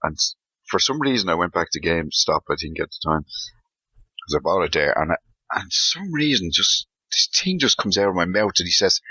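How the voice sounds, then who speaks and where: Male co-host, very low husky voice, dry muffled recording. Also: big pitch swings, normal speed, pushed and bright, no echo. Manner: chatty storyteller, laughs often. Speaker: podcast co-host. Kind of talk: casual chat. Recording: slightly muffled lo-fi audio.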